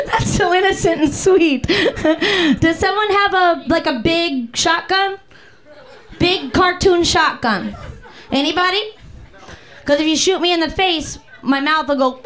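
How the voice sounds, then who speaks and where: A young woman doing improvised stand-up on a club stage, brash and crude, riffing on crowd shouts with squeals and silly sound effects. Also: sits high, lively intonation, slow. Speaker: stand-up comedian.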